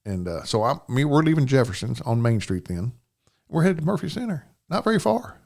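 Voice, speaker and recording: A man's voice: mid-range voice, very animated, a little fast, gravelly, a little mellow. An older man, a podcast guest telling a personal story in plain, rambling speech, often asking "you know what I'm saying".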